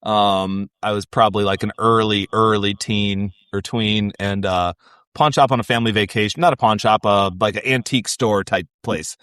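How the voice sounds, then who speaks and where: A man in casual conversation, talking in a relaxed, humorous and reflective way with many "like" fillers. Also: fairly low pitch, moderate pace, clear, resonant tone, no echo, studio quality. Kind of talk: casual chat.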